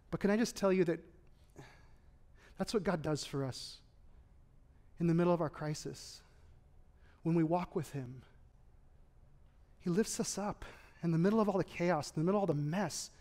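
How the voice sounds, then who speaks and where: A pastor preaching in a church with a notably high voice. He talks earnestly, repeats phrases for weight, and often sinks to a hushed, intimate tone. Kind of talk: sermon. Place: church sanctuary.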